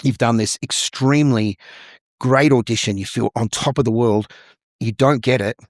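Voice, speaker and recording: A man's voice: mid-range voice, moderate pace, dry recording, clean studio sound. A middle-aged Australian man, a musical theatre performer and vocal coach, chatting thoughtfully as an interview guest. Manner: thoughtful storyteller who acts out little dialogues. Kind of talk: casual interview conversation.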